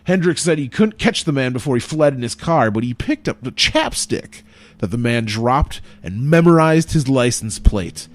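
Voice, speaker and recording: A man's voice: mid-range voice, big pitch swings, moderate pace. A man hosting a casual podcast chat, laughing often and swearing freely. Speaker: podcast host.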